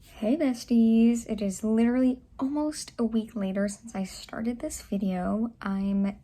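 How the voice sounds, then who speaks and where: Chatty young woman with a mellow voice. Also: fairly high pitch, steady tone, measured pace, low-quality recording. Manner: chatty and gushing, with soft half-whispered asides. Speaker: book vlogger. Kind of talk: casual reading vlog chat.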